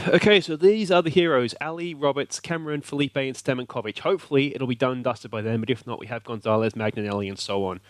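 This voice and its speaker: A man with an Australian accent hosting a let's play, giving excited commentary and cheering at the screen. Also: mid-range voice, quick pace, dry recording. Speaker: video game let's play host.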